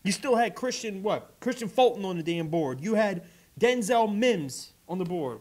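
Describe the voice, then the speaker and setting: Exasperated ranting young man, pitch climbing. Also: animated, moderate pace. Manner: exasperated, swears, gets louder and higher as he rants. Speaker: vlogger. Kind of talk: casual reaction rant.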